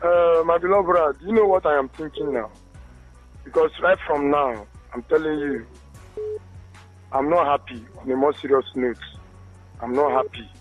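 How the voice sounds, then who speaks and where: A man's voice: on the high side, normal speed, pauses often, faint music behind. A Nigerian man from Rivers State calling into a radio show, speaking with passionate pleading and calling the host his beloved brother. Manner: impassioned, pleading, keeps saying "my beloved brother". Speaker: caller. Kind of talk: call-in radio commentary. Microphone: phone call into a radio studio. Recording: muffled phone line.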